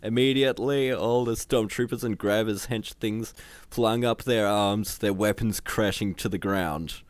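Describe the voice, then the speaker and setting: A man's voice: fairly low pitch, fairly even intonation, unhurried, no room sound. A man casually reading a comedy book aloud on a livestream, chuckling at the jokes in an unpolished delivery. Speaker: reader. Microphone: home computer mic on a livestream.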